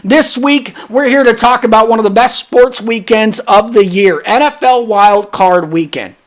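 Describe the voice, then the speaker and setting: Young guy hosting a sports podcast, high voice, brash and trash-talky, pretty hyped. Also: moderate pace. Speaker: podcast host. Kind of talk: solo sports podcast monologue.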